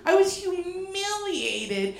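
A woman from Boston telling a comic personal story, animated and profane with self-mocking asides, in a live show venue. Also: very high-pitched, slow, gravelly, crowd noise. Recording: roomy echo.

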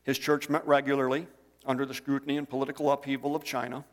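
A man's voice: medium pitch, flat delivery, quick pace, big-room sound. A man preaching a sermon, telling stories in a conversational way. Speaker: pastor.

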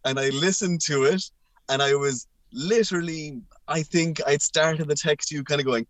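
A man chatting as a podcast guest, jokey and animated, firing off quick opinions. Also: fairly high pitch, dry recording. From Ireland. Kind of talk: casual chat.

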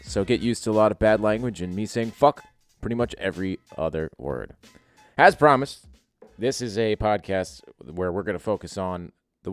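A man's voice: fairly low pitch, no room sound. A man hosting a casual podcast, telling a crude, joking story full of swearing. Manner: profane, joking, animated. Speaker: podcast host.

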